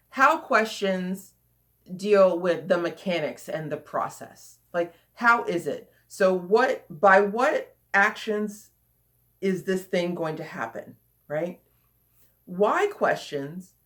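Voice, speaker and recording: Lower-pitched woman coaching casually. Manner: lively, chatty, repeats phrases for emphasis. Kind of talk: casual teaching talk.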